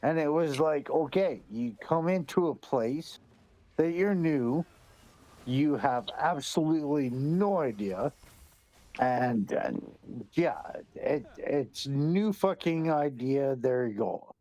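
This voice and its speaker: Slow, rambling man with a raised pitch. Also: expressive, dark tone. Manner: rambling, swears a lot. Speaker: stream guest. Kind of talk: casual chat.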